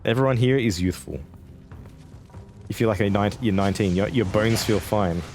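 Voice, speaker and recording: A man's voice: on the low side, moderate pace, a little mellow, faint music behind. A man in his twenties giving casual, rambling live gameplay commentary and chatting with viewers. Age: 20s. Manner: casual, chatty, rambling, answers chat between fights. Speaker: game streamer.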